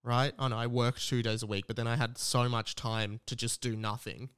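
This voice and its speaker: An Australian man in his late twenties telling a casual, rambling story as a podcast host. He is animated and swears freely. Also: medium pitch, normal speed, clear, resonant tone. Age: late 20s.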